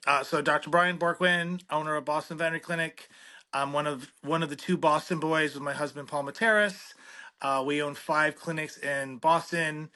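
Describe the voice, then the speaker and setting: A middle-aged man, a veterinarian, telling a comic story in an interview in an animated, self-deprecating way and acting out the dialogue. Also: fairly high pitch. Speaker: veterinarian, podcast guest.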